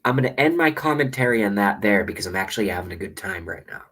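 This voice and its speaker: A man with a low, husky voice rants into a webcam, rambling and sarcastic and dropping profanity. He talks straight to camera like a political vlogger. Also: animated, quick pace, a bit bright, low-quality recording. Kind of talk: ranting monologue to camera.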